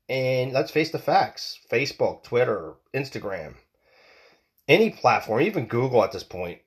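A man hosting a solo podcast, ranting with heated, profane talk, often repeating and stumbling over his words. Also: mid-range voice. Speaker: podcast host.

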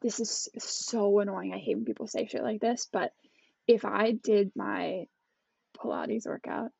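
Gravelly, husky woman, candid chat. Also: mid-range voice, unhurried, a little mellow, no room sound. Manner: candid, self-reflective, trails off and restarts. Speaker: culture expert, podcast co-host. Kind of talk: casual podcast chat. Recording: dull, lo-fi dry sound.

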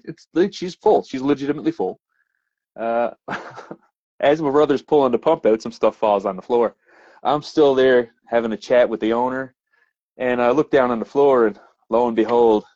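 A man with a Newfoundland accent tells rough, salty plumbing stories in a laid-back podcast chat. His voice sits at an ordinary pitch, and the audio is dry with a slightly muffled edge. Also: no echo. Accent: Newfoundland English. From Newfoundland, Canada. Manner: animated, laughing storyteller with frequent fillers and swearing. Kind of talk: casual storytelling chat.

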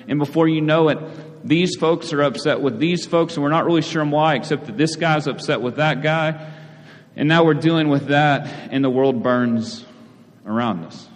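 A male pastor preaching a sermon in a relaxed, conversational way, often asking "right?" and repeating words. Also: on the high side, moderate pace. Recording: long hall reverb.

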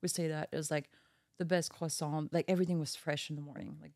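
A woman's voice: low-pitched, fairly even intonation, quick pace, creaky, darkish tone, no room sound, studio quality. Chatty French-accented woman. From France. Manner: chatty, leans on "like" as filler. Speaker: guest, race data engineer. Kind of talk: casual chat.

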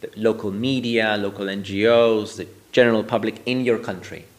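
A man's voice: fairly low pitch, fairly even intonation, normal speed. A man as a guest on a podcast, explaining his views thoughtfully and often checking in with a "right?". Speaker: guest expert. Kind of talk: podcast conversation.

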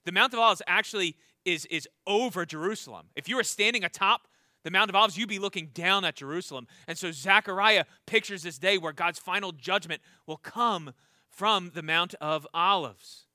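High bright-voiced man preaching. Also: moderate pace, dry recording, clean studio sound. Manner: earnest, repeats words when starting a thought; asks the congregation questions. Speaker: pastor. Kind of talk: sermon.

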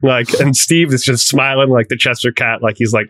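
A man's voice: mid-range voice, steady tone, normal speed, pushed and bright, dry recording. Male co-host, mid voice, loose and emphatic talker; dry studio sound. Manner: rambling, emphatic, full of "like". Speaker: podcast co-host. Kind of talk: casual chat.

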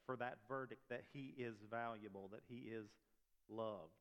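A man's voice: lowish voice, steady tone, moderate pace, fairly bright tone, dull audio. A man preaching a sermon as pastor, in a conversational way full of rhetorical questions. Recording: long reverb of a large hall.

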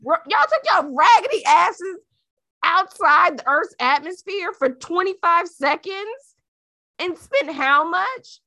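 A woman co-hosting a casual podcast, ranting and swearing, with a high, bright, lively voice. Her pitch leaps up when she gets heated. The sound is close and dry, with no room around it. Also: measured pace, no echo. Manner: profane ranting, voice climbing high when worked up. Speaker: podcast co-host. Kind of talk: casual chat.

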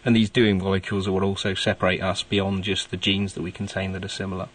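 Low, monotone male expert, measured delivery, slightly off-mic. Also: far from the mic. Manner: slow, measured, flat. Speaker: studio guest biologist.

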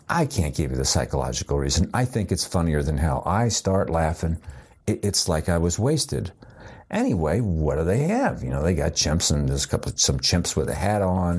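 Husky, low-voiced older man telling a story. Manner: rambling, with frequent restarts and filler; amused, lively retelling. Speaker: psychologist. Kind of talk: personal anecdote storytelling.

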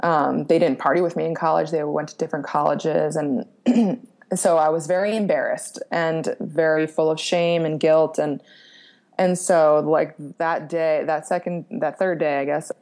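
A woman's voice: low voice, steady tone, normal speed, a little mellow. A young woman from Pennsylvania, a podcast guest, frankly telling a personal story with plenty of fillers, casual swearing and laughs at herself. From Pennsylvania, USA.

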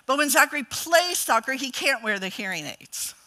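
A woman's voice: high voice, expressive, normal speed, bright, forceful tone. A middle-aged woman preaching a sermon as a guest speaker, telling family stories with humor and frequent laughs. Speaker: guest preacher, college president. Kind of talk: storytelling sermon.

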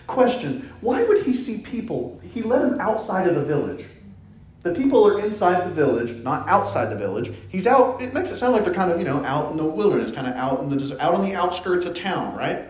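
Animated, playful male preacher in echoey church. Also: high voice, normal speed. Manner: playful, animated storytelling with asides and acted quotes. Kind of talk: conversational sermon. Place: church sanctuary.

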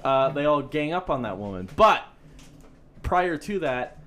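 A man's voice: on the high side, very animated, a little slow, a bit bright. A man co-hosting a podcast in casual, crude chat, rambling and swearing often, with frequent laughs. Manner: rambling, profane, laughs a lot. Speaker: podcast co-host.

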